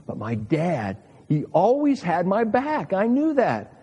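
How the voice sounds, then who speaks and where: Guy in his 60s preaching, earnest storyteller, kinda high but warm voice, long echo like a big hall. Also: huge pitch swings, slow pace, slightly rough, lo-fi sound. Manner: earnest, emphatic storytelling with rhetorical questions. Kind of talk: sermon.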